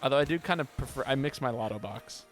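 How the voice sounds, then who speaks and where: A man's voice: mid-range voice, fast, faint music behind. A man streaming a game, chatting casually and joking with viewers as he plays. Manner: relaxed, joking, reads chat aloud. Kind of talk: casual gameplay chat with viewers.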